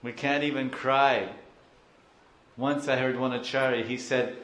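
A man giving a slow, emotive devotional sermon, acting out crying devotees. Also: medium pitch, steady tone, reverberant. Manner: slow, emotive, acts out crying devotees and mixes in Hindi and Sanskrit terms. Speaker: spiritual teacher.

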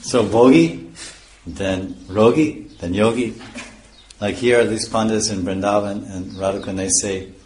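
A man's voice: lowish voice, measured pace, darkish tone. A man giving a scripture lecture as a spiritual teacher, explaining terms one by one and chuckling at his own points.

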